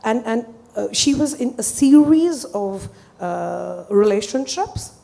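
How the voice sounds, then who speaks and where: A woman therapist presenting a client case to an audience, speaking earnestly and hesitantly, with pauses. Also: on the high side, lively intonation, vocal fry, warm tone.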